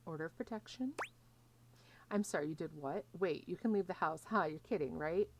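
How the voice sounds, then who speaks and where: Her voice is deep, brisk, and a little mellow, with slight background noise. As a gaming streamer doing let's play commentary, she jokes while playing a video game, reading dialogue choices aloud and adding sarcastic asides.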